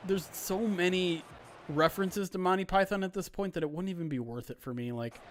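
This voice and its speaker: A man calling a simulated football game on a livestream, switching between animated play-by-play and chatty asides to his viewers, often clearing his throat. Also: high-pitched, fairly quick, a little hiss or hum. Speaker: streamer doing play-by-play. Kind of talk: livestream sports play-by-play commentary.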